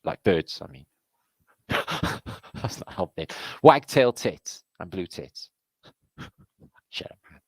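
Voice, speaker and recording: Deep, gravelly British man rambling excitedly. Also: slow pace, pauses often, dry recording. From Britain. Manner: rambling, excitable, swears freely. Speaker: host. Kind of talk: casual commentary on pictures.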